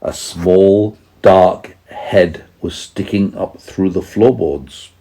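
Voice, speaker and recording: Low, slow-reading man telling a bedtime story. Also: dark tone. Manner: patient, explains words to a child. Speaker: parent reading to his child.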